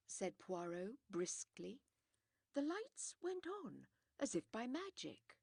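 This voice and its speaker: A woman narrating a mystery audiobook in a measured storytelling manner, with dramatic pauses. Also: mid-range voice, very animated, creaky, darkish tone, no room sound, studio quality. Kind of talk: scripted narration.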